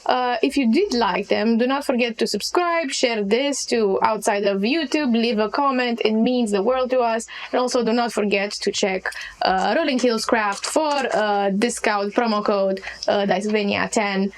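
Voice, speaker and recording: Brief: high-pitched woman game master, casual and jokey, loose with swearing. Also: normal speed. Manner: chatty, joking, swears casually. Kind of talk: casual tabletop game hosting.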